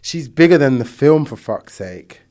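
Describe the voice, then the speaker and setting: A man's voice: medium pitch, expressive, normal speed, a little mellow. A man talks in a casual podcast conversation, blunt and emphatic. He swears freely and presses his points hard. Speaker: podcast guest. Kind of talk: casual chat.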